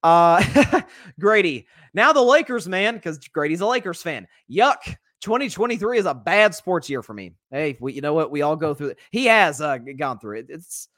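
A man's voice: on the high side, normal speed, no room sound, clean studio sound. A young man hosting a sports podcast, talking casually and rambling with frequent restarts and self-corrections. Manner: animated, rambling, self-interrupting. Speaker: podcast host.

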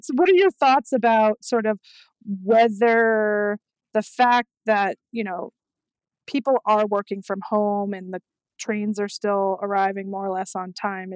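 A woman's voice: medium pitch, no echo, low-quality recording. A woman hosting a podcast interview, talking in a thoughtful, conversational way. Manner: conversational, thoughtful, light laughs. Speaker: podcast host. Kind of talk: casual interview chat.

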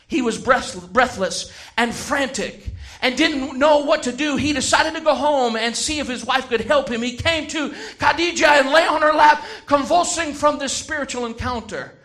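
A man preaching a sermon, who shouts some phrases and slows right down to stress others. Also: very high-pitched. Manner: emphatic, swings from shouting to slow stressed words.

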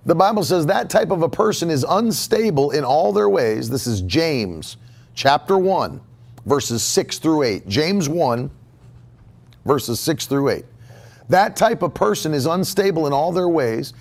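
A male pastor delivers a sermon in a gravelly, fairly high voice. His pitch swings widely as he stresses and repeats key phrases with emphatic conviction. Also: animated, a little slow. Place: church sanctuary.

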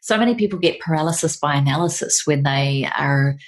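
A woman's voice: low voice, brisk. A woman hosting an interview, effusive and encouraging toward her guest. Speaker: interview host. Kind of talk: casual interview.

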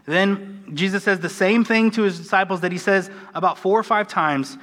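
In a church sanctuary, an American man gives a conversational, earnest sermon with a self-deprecating manner. His voice is high and a bit bright at a normal speed, and the church hall carries a long reverb.

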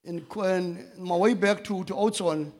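A man sharing a personal testimony in church, halting with many restarts and fillers, rising to loud emphatic bursts. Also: high-pitched, steady tone. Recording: echoey hall with long reverb.

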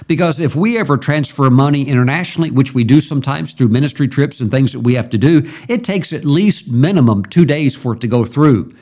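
A man's voice: medium pitch, a little fast, few pauses, darkish tone. A middle-aged male pastor preaching a sermon in a conversational, storytelling way, with sudden emphatic jumps.

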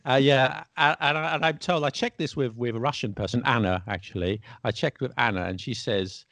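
A man hosting a casual podcast about the English language, an English teacher who asks questions in a playful, lively way. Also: medium pitch, fairly quick, creaky, dry recording. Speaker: podcast host. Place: Paris.

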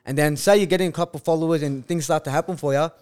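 A man's voice: fairly high pitch, steady tone, a little mellow, clear, resonant tone. A young man talking as a podcast guest, blunt and slangy, swearing freely. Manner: blunt, swears a lot, fast slangy talk. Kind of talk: casual podcast chat.

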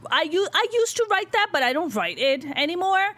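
A woman chatting casually on a podcast, telling stories in a brash, profane, animated way. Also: very high-pitched, a little fast, a little hiss or hum. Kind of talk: casual chat.

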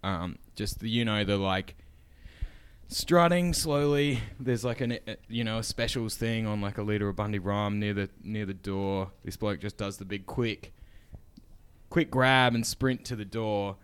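Aussie guy, kinda low voice, slangy yarns, laughs a lot. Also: steady tone, moderate pace, smooth. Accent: Australian. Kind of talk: casual chat.

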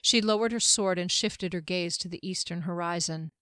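Lady reading a fantasy book out loud, smooth clear voice, dry close sound. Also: on the low side, moderate pace, dry recording. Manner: steady, even storytelling delivery. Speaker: audiobook narrator. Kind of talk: scripted fantasy narration.

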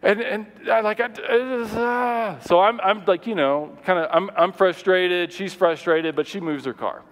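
A man preaching a sermon, telling a personal story in an animated way, often repeating words and acting out what people said. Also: high voice, normal speed, big-room sound. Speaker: pastor.

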